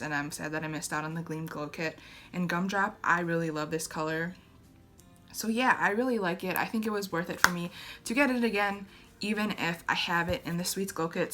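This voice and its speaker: A woman's voice: fairly low pitch, fairly bright tone. A young woman chatting casually through a makeup review, hesitant, with many fillers and restarts. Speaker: beauty vlogger.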